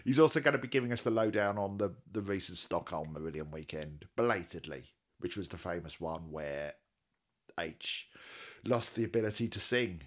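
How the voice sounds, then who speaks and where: Lively, low-voiced podcast man. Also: moderate pace. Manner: animated, chatty, wry self-mocking humour. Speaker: podcast co-host. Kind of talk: casual chat.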